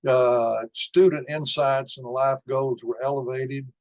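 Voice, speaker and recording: An older man delivers a lecture at a measured, unhurried pace. His voice sits at an ordinary middle pitch, and he often pauses with an "uh" as he walks through the results. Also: steady tone, darkish tone, low-quality recording. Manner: slow and deliberate, with frequent "uh" pauses. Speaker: conference speaker. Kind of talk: lecture presenting study results.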